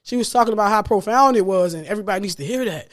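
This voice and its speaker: A man's voice: high-pitched, lively intonation, rapid-fire, a bit bright. A man hosting a solo podcast as a life coach, talking earnestly and preachily about healing, repeating key phrases for emphasis and laughing lightly between points. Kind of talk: solo motivational podcast monologue.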